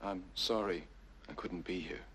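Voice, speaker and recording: An actor playing a mysterious, secretive young man who speaks quietly and evasively in a 1970s TV drama. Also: low voice, moderate pace, slight background noise. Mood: guarded.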